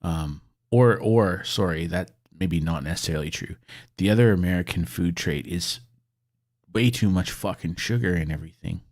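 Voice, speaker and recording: A man's voice: low voice, normal speed, a little mellow. A middle-aged man chatting casually and rambling while gaming, swearing freely as he goes. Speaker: gaming video creator.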